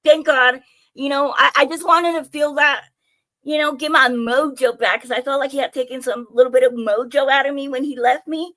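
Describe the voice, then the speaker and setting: Young woman, high voice, chatty, animated, swears casually, jokes about herself, casual live stream storytelling. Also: moderate pace. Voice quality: animated, chatty, swears freely, self-mocking. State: out of breath.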